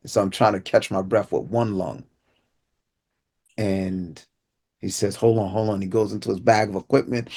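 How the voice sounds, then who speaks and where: Low-voiced man telling a personal story. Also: dark tone. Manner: vivid storyteller acting out dialogue. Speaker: inspirational speaker. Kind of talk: personal testimony.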